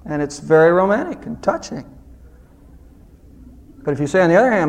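A man preaching a sermon as pastor, earnest, rising to loud emphasis and dropping to soft low asides. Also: very animated, a little fast, in a large hall.

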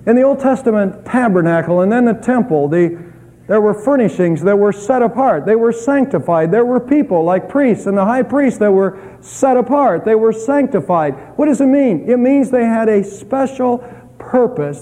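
A middle-aged man preaching a sermon as a pastor, earnest, swinging between loud and soft. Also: high-pitched, lively intonation, moderate pace. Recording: echoey hall with long reverb.

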